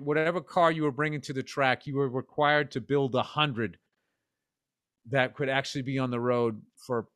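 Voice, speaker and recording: This time his mid-range voice sounds a bit bright and clean, captured dry at studio quality. The fifty-something co-host keeps up his profane, rambling storytelling in casual chat, slipping into voices at times.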